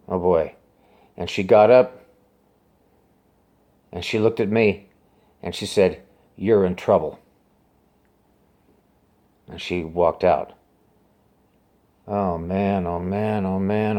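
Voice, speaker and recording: Here the storyteller has a low voice with fairly even intonation. He tells his personal tale to camera haltingly and with many repetitions, shifting from quiet asides to loud, urgent outbursts.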